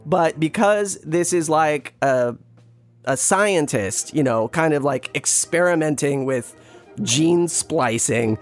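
A man chatting casually and telling an anecdote, rambling with restarts and jumping into quick impressions of other people. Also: fairly high pitch, soft background music. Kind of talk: casual storytelling chat.

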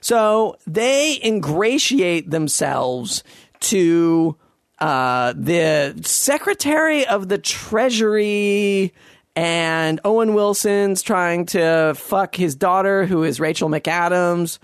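High-voiced man in a sarcastic rant. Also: expressive, takes it slowly, dry recording, studio quality. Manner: sarcastic, profane and rambling. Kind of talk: casual monologue rant.

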